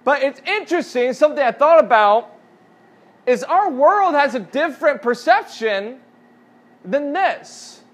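A man's voice: very high-pitched, animated, unhurried. A man as youth pastor, giving a casual sermon and asking the audience questions.

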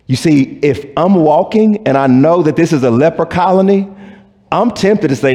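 A man preaching a sermon as pastor, talking to his congregation casually, acting out voices and dropping from loud and high to hushed and low. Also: big pitch swings, normal speed, in a large hall.

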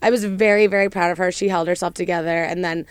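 A woman's voice: fairly low pitch, fairly even intonation, quick pace, clean tone, no echo. A woman co-hosting a talk show, telling a long weekend story in a chatty way full of "like". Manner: chatty, lots of "like". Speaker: co-host. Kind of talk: casual storytelling chat.

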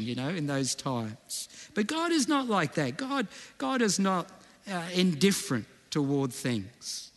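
A man's voice: high-pitched, sing-song, a little slow, fairly bright tone, in a large hall. A male pastor preaching a conversational sermon, repeating key phrases and often checking in with the congregation.

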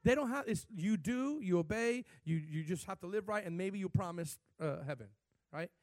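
A male pastor with a high voice preaches a sermon in an animated way. His voice swells suddenly in pitch and loudness. The recording is dry and close. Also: moderate pace, no echo.

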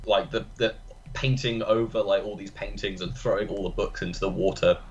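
A man's voice: on the low side, level tone, a little fast, lo-fi sound, a crowd in the background. A man co-hosting a podcast who recounts film scenes in detail with enthusiasm and swears casually. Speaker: podcast co-host.

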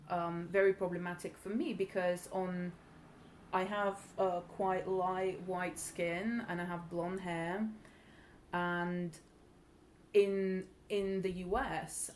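A woman from Bulgaria with a blended British English accent, giving a personal account in an interview, hesitant and earnest with many pauses and restarts. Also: lowish voice, slight background noise. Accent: blended British English, not quite English.

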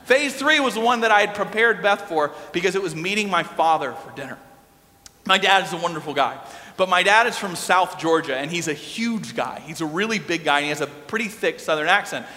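A middle-aged man preaching a sermon, telling a story in an animated, lively way. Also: high-pitched, fairly quick. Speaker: pastor. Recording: long hall reverb.

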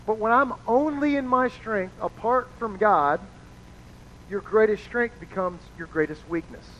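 His voice sits high with a slightly bright tone, and he speaks unhurriedly. The pastor's sermon is casual and chatty, with him acting out the people he quotes, and the sound is dull and lo-fi with a little noise.

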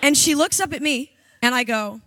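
A woman on stage at a live event tells a comic story in an animated, profane way. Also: sits high, normal speed, background noise. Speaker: comedy writer and actress, guest.

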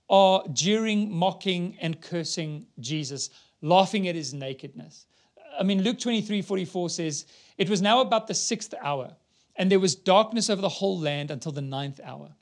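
Male preacher, sermon, high voice, earnest, swells to emphatic peaks. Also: animated, normal speed. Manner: earnest, builds to emphatic peaks, reads scripture aloud.

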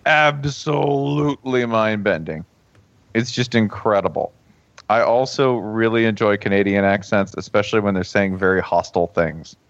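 A man's voice: normal speed, no room sound. A man co-hosting a podcast, chatting casually and animatedly, often slipping into exaggerated accent impressions. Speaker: podcast co-host. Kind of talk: casual comedic chat. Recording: dry, dull low-fidelity podcast audio.

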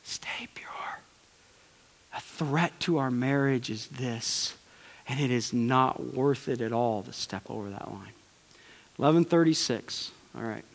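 A man preaching a sermon with passion, swinging from loud urging to hushed pleading. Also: medium pitch, a little slow, vocal fry. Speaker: pastor. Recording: long hall reverb.

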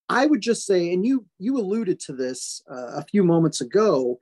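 A man hosting a podcast, making his points in a measured, deliberate way and stressing his caveats. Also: high voice, sing-song, darkish tone, no echo. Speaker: podcast host. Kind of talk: casual sports chat.

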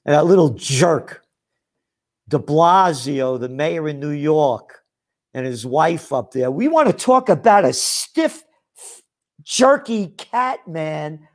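A man's voice: a little high, expressive, takes it slowly. An older man, a trend forecaster, delivering a sarcastic, scornful ranting monologue full of name-calling.

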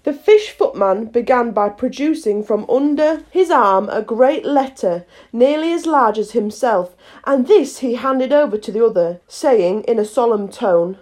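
A woman narrating a children's classic in a clear, measured reading voice. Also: fairly high pitch, lively intonation, darkish tone. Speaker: audiobook reader. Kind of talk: storybook narration.

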